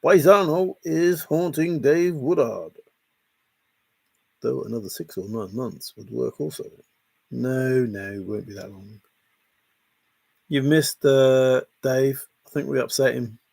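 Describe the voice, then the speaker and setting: A man's voice: mid-range voice, takes it slowly, gravelly, pauses often, darkish tone, no echo. A man hosting a casual livestream, reading chat and greeting viewers by name in a jokey, chatty way. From half Italian, half Scottish heritage.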